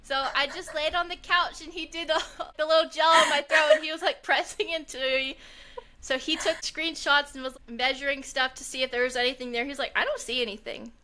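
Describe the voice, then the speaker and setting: A young woman from Texas co-hosting a podcast, chatting casually and telling stories, quoting others in lively bursts. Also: high voice, a little fast, slight background noise. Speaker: podcast co-host. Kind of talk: casual chat.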